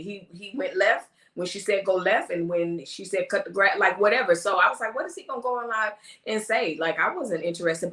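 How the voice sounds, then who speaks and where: Animated woman host in an echoey room. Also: medium pitch. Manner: animated, laughing, imitates people she talks about. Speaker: host of a live talk stream. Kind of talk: casual live-stream gossip chat.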